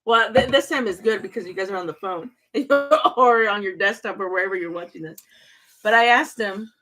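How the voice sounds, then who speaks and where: A woman in her forties hosting a casual live stream with her husband, playful and quick to scold and laugh. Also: medium pitch, over loud music, low-quality recording. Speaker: host interviewing her husband. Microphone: phone or computer mic for a live stream.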